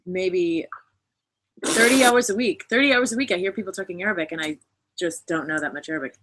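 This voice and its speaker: A woman's voice: on the low side, a little fast, noisy background. A young American woman in casual live chat, talkative and playful. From United States. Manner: talkative, playful, switches into German. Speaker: guest.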